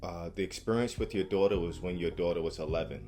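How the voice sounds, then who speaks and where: A man hosting an interview, asking calm, measured questions. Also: low-pitched, soft background music. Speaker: host.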